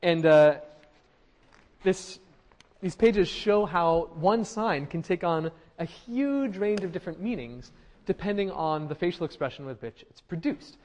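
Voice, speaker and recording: A man's voice: sits high, expressive, unhurried, darkish tone. A man giving a classroom lecture, conversational, with frequent fillers and restarts, asking the class questions. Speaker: university lecturer.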